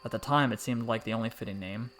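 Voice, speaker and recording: Calm man narrating a story. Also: lowish voice, quick pace. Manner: calm, reflective, dryly wry asides. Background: faint background music.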